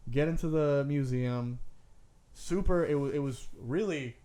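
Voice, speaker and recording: This co-host's voice is slightly high and mellow, and he takes his time. Rambling through a long story on a casual podcast, he fills it with "like" and "I'm like," swearing offhandedly and saying "bro."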